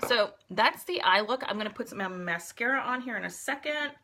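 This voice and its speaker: During a live makeup tutorial, a middle-aged woman casually walks her audience through each step as she applies products. Her fairly high voice is animated, pushed and bright, at a moderate pace, with slight background noise.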